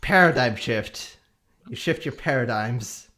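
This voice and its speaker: A man's voice: mid-range voice, expressive, measured pace, sharp tone, slight background noise. A man streaming, reading a long game review aloud with small hesitations.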